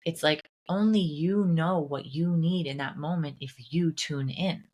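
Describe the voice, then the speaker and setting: A woman guest on a podcast, speaking casually and earnestly, with a gently guiding manner and the odd swear. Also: deep voice, unhurried. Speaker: guest, dietitian and therapist. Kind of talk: conversational podcast interview.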